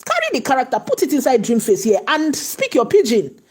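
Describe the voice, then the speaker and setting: A woman's voice: high voice, wildly swooping pitch, a little fast, a little mellow, husky. A woman hosting a live tutorial, chatty and repetitive, full of "you know" and "okay" fillers.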